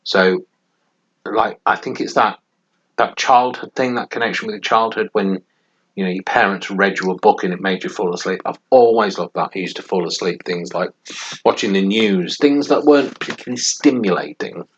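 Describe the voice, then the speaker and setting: A man's voice: fairly low pitch, moderate pace, slightly rough. A man co-hosting a podcast in casual, rambling chat, often laughing as he talks. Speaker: podcast co-host. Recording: dull lo-fi audio with faint noise.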